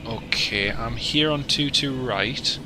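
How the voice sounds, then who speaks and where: A man's voice: mid-range voice, takes it slowly, noisy background. A man casually chatting while streaming a flight simulator, joking and greeting viewers by name. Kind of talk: casual livestream commentary.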